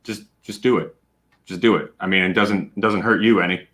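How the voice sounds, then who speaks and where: A man hosting a casual livestream, chatty and animated, with plenty of fillers and shout-outs to viewers. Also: low-pitched, a little fast. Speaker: livestream host.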